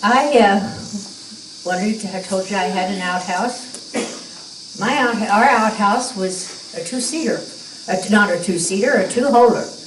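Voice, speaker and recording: An older woman telling a humorous childhood story in a folksy, animated way at a church gathering. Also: medium pitch, unhurried, slight background noise. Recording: roomy, distant mic.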